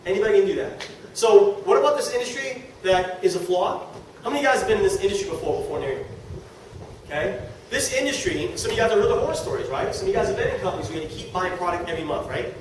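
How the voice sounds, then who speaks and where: A middle-aged man giving a live sales presentation to a room, animated and joking as he talks to the audience. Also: high voice, quick pace. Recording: echoey room from far off with noise.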